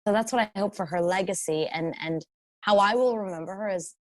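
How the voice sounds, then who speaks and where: A woman's voice: medium pitch, fairly quick, dry recording. A woman voice actor as an interview guest, speaking in a reflective, earnest way. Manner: reflective, earnest, with frequent "you know" and restarts. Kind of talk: casual interview.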